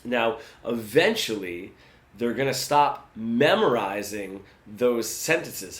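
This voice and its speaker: A man's voice: medium pitch, lively intonation, slow pace. Man explaining a guitar lesson. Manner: conversational, often asks "right?". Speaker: guitar teacher. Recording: roomy sound with guitar.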